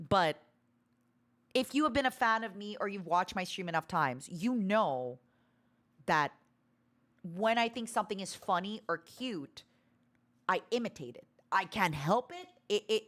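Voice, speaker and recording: A woman streamer chatting casually, rambling with restarts and fillers, with a tone she calls harsh and to the point. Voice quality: animated, self-described harsh to-the-point tone. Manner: rambling with many restarts and fillers, sudden loud squeaky imitations.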